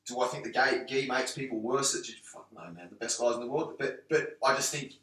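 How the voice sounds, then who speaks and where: A man's voice: mid-range voice, fairly even intonation, fast talker, a bit bright. A man with an English accent chatting on a podcast as a guest, talking emphatically with lots of restarts and the odd swear. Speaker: guest, MMA gym owner and coach. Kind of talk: casual podcast chat. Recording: roomy, echoey room, mic at a distance.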